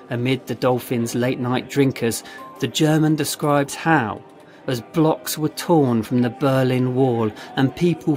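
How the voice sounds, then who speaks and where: A man narrating a story in a steady, measured reading voice. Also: mid-range voice. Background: faint guitar music.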